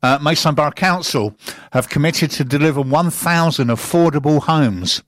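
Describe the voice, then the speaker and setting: A man's voice: a little high, normal speed, a bit bright, no room sound, clean studio sound. A man presenting local radio, chatting casually and reading local news items aloud with asides.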